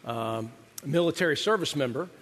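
A man's voice: fairly high pitch, animated, moderate pace, fairly bright tone. A middle-aged man, the pastor, giving a sermon in a large church hall, telling conversational stories with self-deprecating humor. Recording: long reverb of a large hall.

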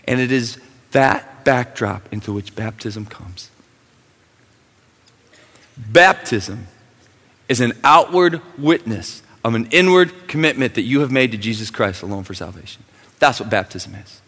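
Man, pastor, sermon, passionate, bright tone, long reverb. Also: mid-range voice, unhurried. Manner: passionate, swings between quiet and loud.

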